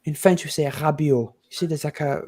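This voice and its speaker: Opinionated young man with a mellow voice. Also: fairly high pitch, a little fast. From England. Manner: opinionated, animated, stumbling restarts. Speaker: panelist. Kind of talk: casual football chat.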